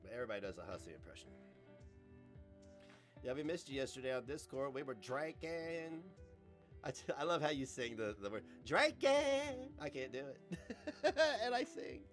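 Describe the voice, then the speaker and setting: A man's voice: medium pitch, sing-song, fairly quick, long pauses, soft background music. A man live-streaming, chatting loosely with viewers, joking and laughing often as he reads chat aloud.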